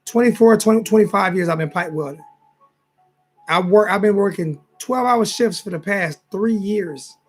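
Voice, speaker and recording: On his casual late-night sports livestream, a man in his forties talks straight to his chat in a high voice at normal speed. Soft music sits in the background as he rambles wearily and keeps repeating himself.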